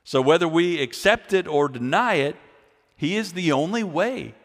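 A male pastor preaching a sermon, repeating key phrases and swinging between loud, emphatic lines and quiet ones. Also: fairly high pitch, lively intonation, moderate pace. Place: church sanctuary. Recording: long hall reverb.

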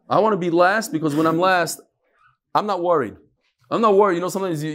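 A man teaching a text class who reads passages aloud, then explains them in relaxed talk and tells stories. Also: on the high side. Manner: storytelling, acts out quoted voices. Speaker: Talmud teacher. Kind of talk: Talmud class lecture.

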